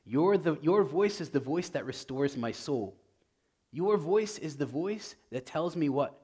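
A man preaching as a priest in a conversational way, often saying "like" and swinging from loud to very soft. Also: on the high side, lively intonation, moderate pace, slightly rough. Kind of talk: sermon.

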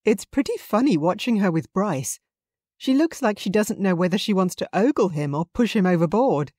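A bright, teasing young woman, pitched above the reader's low voice, as a woman narrator puts her on. Close, dry audiobook sound. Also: lively intonation, normal speed, no echo, lightly acted. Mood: amused. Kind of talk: audiobook character voice.

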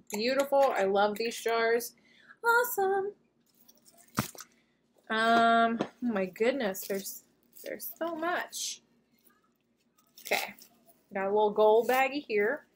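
A woman's voice: fairly high pitch, a little hiss or hum. A woman hosting a casual unboxing video, chatty and gushing, with lots of fillers as she looks over each item. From United States. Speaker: unboxing channel host.

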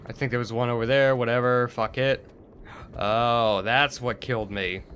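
A man's voice: mid-range voice, steady tone, moderate pace, fairly bright tone, slight background noise. A young man giving gameplay commentary, frustrated and swearing as he mutters to himself. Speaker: gaming video host.

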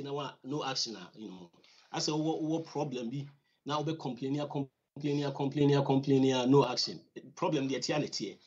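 A man with a Ghanaian accent giving a conversational finance lesson, repeating words for emphasis and using many fillers. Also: mid-range voice. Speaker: financial educator. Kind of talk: teaching talk on personal finance. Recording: slightly dull lo-fi recording.

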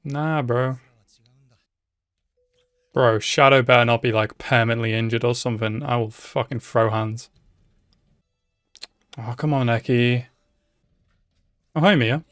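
Excitable young man, dry close sound. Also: medium pitch, a little slow, pauses often, no echo. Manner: excitable, swears a lot, laughs and shouts at the screen. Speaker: anime reaction YouTuber. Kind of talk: casual reaction commentary.

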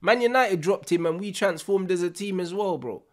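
A young man, reacting live to a football match with loud, slangy banter and frequent laughter. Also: high voice, normal speed.

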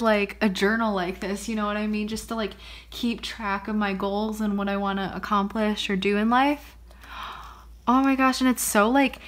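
A young woman vlogging casually as she unboxes presents, bubbly and gushing, often gasping and saying how pretty things are. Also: mid-range voice. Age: young adult. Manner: bubbly, gushing, frequent gasps and laughs.

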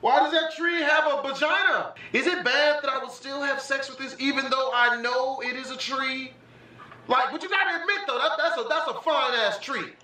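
A young man giving casual, profane, excitable reaction commentary on a vlog, often breaking into laughter. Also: extremely high pitch, moderate pace. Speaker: vlogger. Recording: echoey room, far from the mic, faint music.

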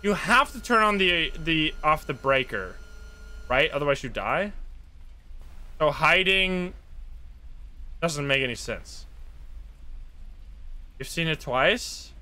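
An excitable male streamer commentates his gameplay live, talking to his viewers and swearing often. His voice is bright and a little high, and it jumps up and down in pitch as he reacts. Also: takes it slowly, long pauses. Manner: excitable, swears, talks to chat.

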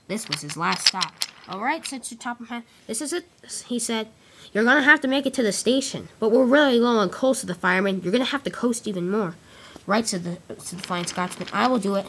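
A woman reading a train story aloud, with lively character lines between plainer narration. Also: mid-range voice, slight background noise. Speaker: storyteller reading all parts. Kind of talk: amateur read-aloud storytelling of a train tale.

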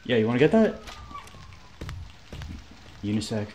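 A young man streaming a game live, reacting excitably, swearing and laughing at what happens on screen. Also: medium pitch, unhurried. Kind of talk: live gameplay commentary.

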